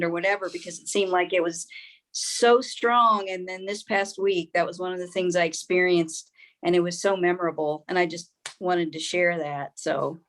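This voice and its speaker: A woman in an online group on a video call, sharing her experience in a rambling, halting way with many fillers. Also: lowish voice, fairly even intonation, fairly bright tone. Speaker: group participant. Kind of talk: casual personal sharing.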